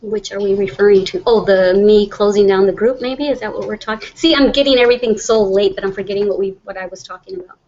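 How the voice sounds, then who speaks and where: A woman's voice: mid-range voice, quick pace, few pauses, a little mellow. Woman, middle-aged, livestream host, chatty and rambling, laughs a lot, slightly muffled audio. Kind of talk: casual livestream chat reading viewer comments.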